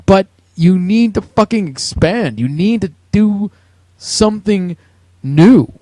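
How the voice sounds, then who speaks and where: A man's voice: high voice, expressive, takes it slowly, dark tone, no room sound. Swearing, ranting man with a Jersey accent. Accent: New Jersey. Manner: heated, sweary, mocking. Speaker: podcast co-host. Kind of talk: profane ranting chat.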